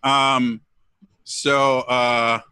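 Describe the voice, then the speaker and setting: A man hosting a live tabletop role-play stream as game master, chatting casually with hesitant pauses and frequent laughter. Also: medium pitch, flat delivery, pushed and bright, smooth, no echo.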